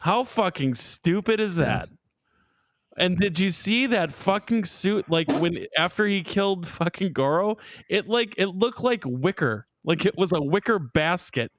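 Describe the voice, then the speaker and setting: A young man with a fairly high voice jokes crudely and mocks as he chats, laughing often. The sound is dry and close, with no room in it. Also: animated, measured pace, no room sound. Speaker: podcast co-host. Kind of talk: casual chat.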